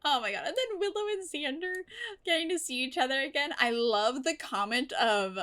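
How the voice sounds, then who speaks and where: A woman with a slightly higher voice talks through her reaction to a TV episode in a loose, casual way. She gushes and gets emotional, swearing freely as she goes. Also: lively intonation, normal speed, pushed and bright. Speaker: TV reaction vlogger.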